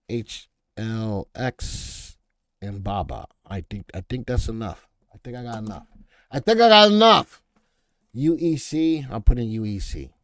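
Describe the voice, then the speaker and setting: A man's voice: lowish voice, warm tone, no echo, clean studio sound. A man with a Boston accent hosting a live stock market stream, rambling, repeating himself and answering viewer chat as he goes. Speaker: stock market show host.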